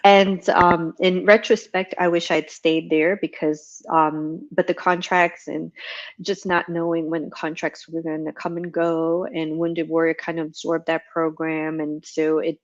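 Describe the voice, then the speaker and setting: A middle-aged woman, a retired Navy veteran, telling her story with many ums and restarts in a relaxed interview. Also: sits low, a little slow. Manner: rambling, many ums, laughs at herself. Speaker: guest, retired Navy chief petty officer. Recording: muffled lo-fi audio.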